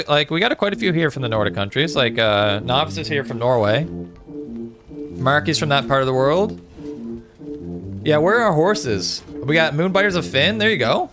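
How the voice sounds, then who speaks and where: Guy streaming a game, just chatting w/ chat, um's and uh's, faint music behind. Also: mid-range voice. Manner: chatty, reads out chat, frequent fillers. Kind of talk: casual live-stream chat while gaming.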